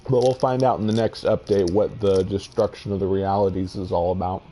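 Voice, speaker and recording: Musing low-voiced male gameplay narrator. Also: steady tone, brisk, mellow, slight background noise. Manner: musing, hesitant, with fillers and restarts. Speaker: game video host. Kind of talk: casual gameplay commentary.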